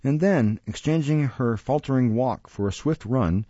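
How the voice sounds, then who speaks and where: A man reads a storybook aloud in a measured, expressive narration. His voice is dark and mellow at a middle pitch, and the recording is dry, close and lo-fi. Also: no room sound. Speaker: audiobook narrator. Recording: dull lo-fi recording.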